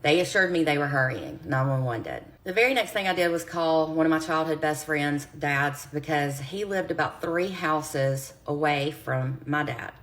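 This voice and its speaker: A woman's voice: low voice, lively intonation, normal speed, few pauses, fairly bright tone. A woman telling a personal story straight to her viewers in an earnest, direct way, recorded on a phone. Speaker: true crime creator.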